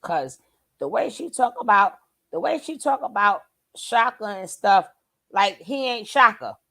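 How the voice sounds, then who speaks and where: A woman's voice: mid-range voice, expressive, unhurried, creaky, bright, forceful tone. A woman hosting a casual reaction commentary, chatty and scoffing, full of rhetorical questions. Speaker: commentary channel host.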